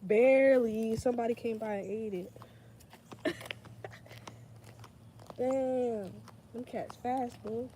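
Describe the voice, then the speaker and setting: A woman's voice: a little high, fairly even intonation, takes it slowly, pauses often, background noise. A woman hosting a casual solo podcast, rambling between topics and swearing freely as she talks things through. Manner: drifts between topics, many fillers. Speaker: podcast host.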